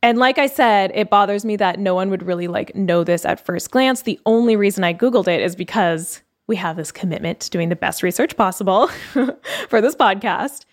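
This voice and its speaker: A young adult woman co-hosting a podcast, talking fast and animatedly, often stopping to read quotes aloud. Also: mid-range voice. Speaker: podcast co-host. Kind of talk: casual podcast chat.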